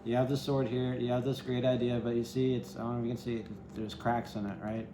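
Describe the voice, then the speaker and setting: This is a man with a mid-range voice and little pitch movement, talking fast against background noise in an echoey space. He's a tarot reader doing a casual, meandering reading, punctuated by frequent "right?" checks and dry, self-mocking remarks.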